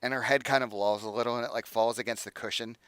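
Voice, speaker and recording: A man's voice: medium pitch, fairly even intonation, fast talker, fairly bright tone, clean tone, no echo. A man narrating as game master in a tabletop game, talking in a casual, rambling way full of fillers.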